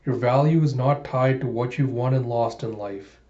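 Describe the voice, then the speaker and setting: A gentle, consoling young woman, voiced by a man, soft and soothing and a little hushed. The voice is warm and low, and the recording is dull and roomy. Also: moderate pace, lightly acted.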